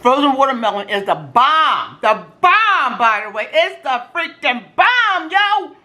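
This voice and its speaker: High, bright-voiced woman vlogger. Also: measured pace. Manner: animated, slangy, exclaiming and quoting herself. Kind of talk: casual storytelling during a food challenge.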